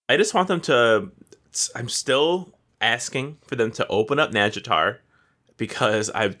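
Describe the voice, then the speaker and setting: A man co-hosting a casual gaming chat, ranting with lots of profanity. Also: mid-range voice. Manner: profane, ranting, animated complaints. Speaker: podcast co-host.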